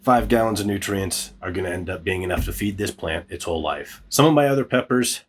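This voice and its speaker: A husky, low-pitched man talks fairly quickly while hosting a gardening channel. He shows off his hydroponic harvest in a casual, hands-on demo, cheerful and poking fun at himself.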